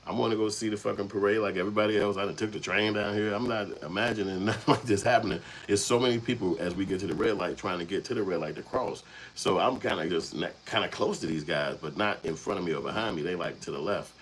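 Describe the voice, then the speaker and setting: A man's voice: low-pitched, fast, a little hiss or hum, low-quality recording. A man from Chicago's South Side, hosting his channel and telling a rambling, profane story in casual street talk. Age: adult, past young adulthood. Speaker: channel host.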